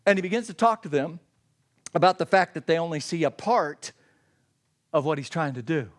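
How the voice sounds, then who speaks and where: High-voiced man preaching emphatically. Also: animated, moderate pace. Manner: emphatic, repetitive preaching with folksy asides. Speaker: pastor. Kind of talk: sermon.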